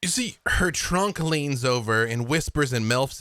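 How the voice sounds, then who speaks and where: A man narrating as dungeon master of a live tabletop game, animated and laughing as he slips into character voices. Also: mid-range voice, measured pace, no echo, studio quality.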